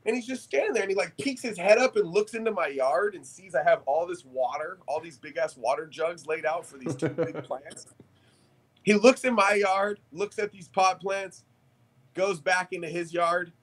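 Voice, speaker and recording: A man, a podcast guest, telling a story in casual chat, animated and profane, laughing as he talks. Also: sits high, moderate pace.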